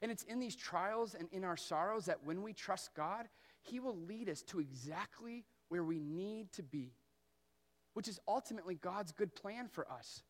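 A man in his thirties, serving as pastor, preaches a sermon with earnest storytelling, slowing down on key phrases. His voice is high and animated.

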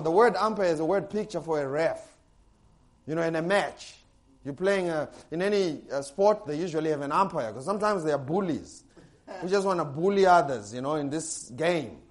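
A man preaching a sermon as pastor, animated, with sudden loud bursts and frequent laughter. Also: fairly high pitch, normal speed.

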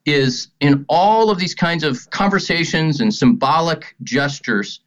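Middle-aged man teaching with animated stories. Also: fairly high pitch, a little slow. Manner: animated storytelling with acted-out quotes. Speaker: ministry guest speaker. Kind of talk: earnest spoken teaching on faith. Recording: dull lo-fi sound.

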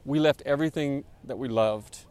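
A man's voice: medium pitch, normal speed, a little mellow, clean tone. A man, a pastor, preaching a sermon in a conversational, informal way, with many fillers and repeated words.

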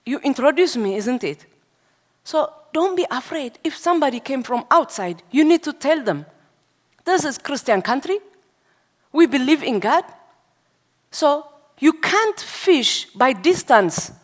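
A woman from Africa delivers a sermon in a high voice. She speaks slowly in non-native English, with urgent exhortation. She addresses young people in a meeting hall. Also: big pitch swings. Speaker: preacher. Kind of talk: sermon testimony.

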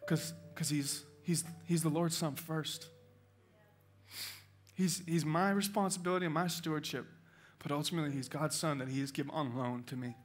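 A man's voice: a little high, steady tone, moderate pace. A male pastor preaching a sermon in a church, telling a personal story with emotion and urging his congregation passionately. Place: church auditorium.

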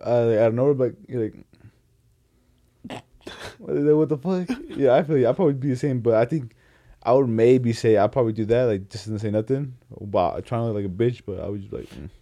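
A man's voice: mid-range voice, steady tone, fast talker, warm tone. A young man in casual chat, laid-back and slangy, mostly giving short replies.

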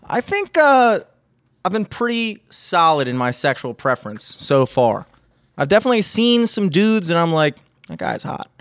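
A man's voice: high voice, moderate pace, no echo, studio quality. A man co-hosting a podcast, cursing a lot and telling jokes in crude casual banter. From Greek and Italian heritage. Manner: profane, animated joke-telling. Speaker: podcast co-host. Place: remote podcast recording.

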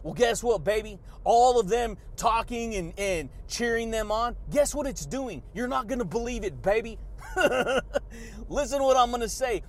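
High-voiced guy doing a hyped motivational podcast rant, laughing a lot, calls everyone baby. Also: expressive, normal speed, few pauses. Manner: hyped, repeats "yeah, buddy" and "baby", laughs often. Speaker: podcast host.

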